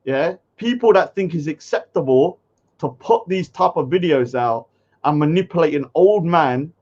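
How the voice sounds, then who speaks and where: A blunt, outspoken man hosts a commentary channel and reads and reacts to comments with open indignation. His voice sits a little higher than usual for a man. The recording is dull and lo-fi. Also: expressive, normal speed, a little mellow. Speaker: commentary host.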